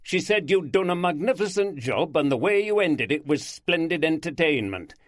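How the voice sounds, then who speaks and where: A man's voice: fairly high pitch, lively intonation, moderate pace, no room sound, voice pushed up, close to an everyday voice. Audiobook: man reading a jovial Yorkshire superintendent, hearty, dry booth sound. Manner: hearty, chuckling.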